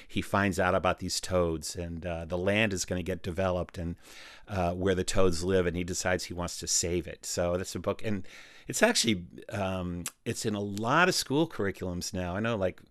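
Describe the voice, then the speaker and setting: Relaxed rambling male storyteller. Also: deep voice, normal speed, dry recording. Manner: relaxed, rambling, with many fillers. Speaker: guest storyteller and musician. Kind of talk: casual radio interview chat. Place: his own home studio.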